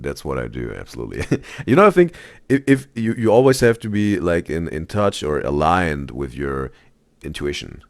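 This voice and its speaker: Low gravelly man reacting to a video. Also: no echo. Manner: rambling, restarts a lot, trails off quietly. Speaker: reaction streamer. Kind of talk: casual reaction commentary.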